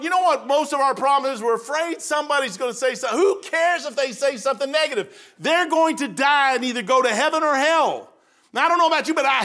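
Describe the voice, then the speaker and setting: High, bright-voiced rambling preacher. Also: male voice. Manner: rambling, storytelling, laughs at own stories. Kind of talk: folksy sermon.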